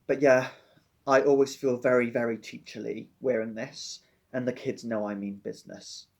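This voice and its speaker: A man's voice: mid-range voice, little pitch movement, normal speed, creaky. A Welsh man, a teacher, chatting casually and wryly to camera with a slightly dramatic touch. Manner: chatty, wry, a bit dramatic. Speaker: teacher and book vlogger. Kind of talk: casual chat.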